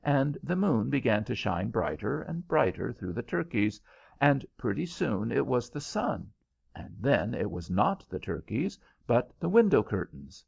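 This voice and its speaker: Slow gravelly storybook narrator, a man. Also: medium pitch, sing-song, a little mellow. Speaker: audiobook narrator. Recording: dull lo-fi audiobook recording.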